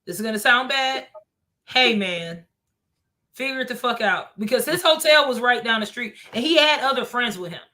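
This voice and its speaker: High, bright-voiced woman telling stories. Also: normal speed. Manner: animated, laughs often, swears freely. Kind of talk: casual storytelling chat.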